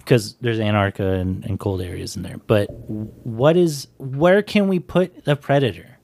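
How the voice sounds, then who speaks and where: A man co-hosting a podcast, excitable in casual chat and sometimes searching for words. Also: on the low side, normal speed. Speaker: podcast co-host.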